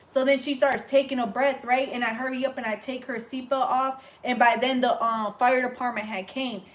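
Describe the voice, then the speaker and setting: A young woman with a somewhat high-pitched voice tells a story in an animated, casual way. Her retelling tumbles forward with frequent fillers and restarts, as if she is chatting while she works on someone's hair. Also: moderate pace. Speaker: hairstylist and vlogger.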